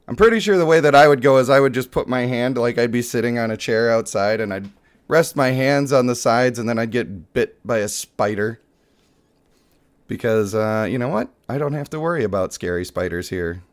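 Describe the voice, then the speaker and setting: A man's voice: medium pitch, moderate pace. Playful male game streamer. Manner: playful, excitable, joking with chat. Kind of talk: live game stream commentary.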